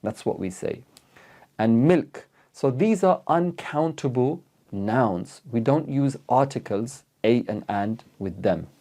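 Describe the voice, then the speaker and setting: Male English teacher for a video lesson: slow, dark-toned, patient, repeats examples. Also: mid-range voice, expressive. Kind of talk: online grammar lesson.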